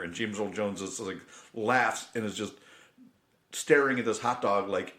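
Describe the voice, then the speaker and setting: A middle-aged man co-hosting a podcast, chatting casually and reflectively, getting animated when he recounts film scenes. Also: lowish voice, normal speed. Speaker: podcast co-host. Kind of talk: casual chat. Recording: roomy echo.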